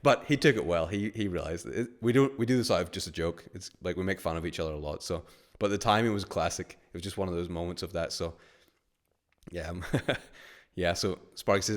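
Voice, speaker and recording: A man with a lowish voice hosts a live webinar at a quick clip. He talks casually and rambles through anecdotes, acting out the quotes and letting a swear word slip now and then. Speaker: course host. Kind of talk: live webinar talk with chat questions.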